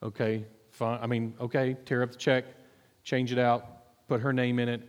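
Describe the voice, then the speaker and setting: A man who is a minister and psychologist, telling personal stories in a relaxed, self-deprecating way, with many ums. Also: mid-range voice, moderate pace. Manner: conversational, self-deprecating storytelling with many fillers. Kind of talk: sermon testimony. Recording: echoey hall reverb.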